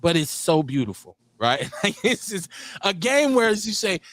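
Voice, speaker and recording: A middle-aged man from Milwaukee hosts a casual talk show. His pitch sits a bit high and jumps around freely as he rants with plenty of swearing and laughter. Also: normal speed, dry recording. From Milwaukee, Wisconsin. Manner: animated, profane, laughing often. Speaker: radio show host. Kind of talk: casual chat.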